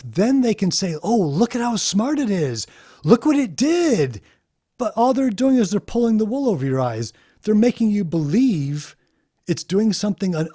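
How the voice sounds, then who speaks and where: A man hosting an explanatory video monologue, emphatic and deliberate, slowing down to stress key points. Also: on the high side, dark tone. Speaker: video host.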